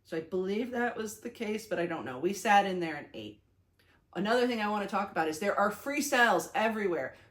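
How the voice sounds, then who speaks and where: A young woman records a casual vlog, recounting her day with eager, gushing excitement. She talks in a chatty way, full of fillers and restarts, and her voice sits at a middling pitch. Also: a little fast. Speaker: vlogger. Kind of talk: casual talking-head vlog.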